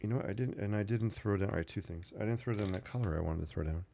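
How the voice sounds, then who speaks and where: Host, male, low and gravelly; relaxed running commentary while drawing. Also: fast, a little hiss or hum. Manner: chatty, thinks aloud while drawing. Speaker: sketching channel host. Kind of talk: casual narration while sketching.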